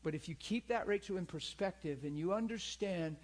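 A male preacher gives a conversational teaching in a somewhat high voice. He is animated and earnest, and keeps turning to his listeners for an amen or a nod of agreement. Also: a little fast. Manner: animated, acts out people in high pleading voices; earnest, repeats himself, asks listeners for agreement. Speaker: pastor and teacher.

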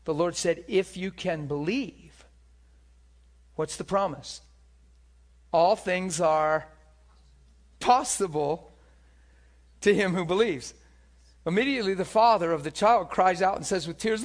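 A man preaching a sermon, moving between hushed, whispered moments and loud, impassioned stretches. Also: sits high, takes it slowly, pauses often.

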